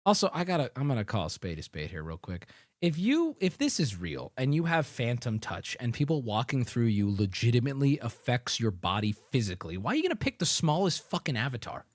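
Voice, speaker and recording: A man's voice: mid-range voice, wildly swooping pitch, brisk, no echo, studio quality. A male streamer doing profane reaction commentary, ranting in disbelief. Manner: incredulous ranting, swings up loud.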